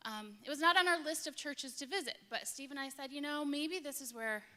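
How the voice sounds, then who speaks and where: A woman with a Midwestern American accent tells a personal story to a congregation, her voice high and bright. She acts out the voices in the story with lively energy. The sound rings through a large echoing church hall with a long reverb tail. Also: a little fast. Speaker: middle school ministry director.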